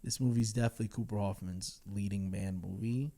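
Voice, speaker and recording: A man's voice: on the low side, fairly even intonation, a little fast, mellow. A man giving a casual, candid spoken film review, talking bluntly with frequent fillers and chuckles.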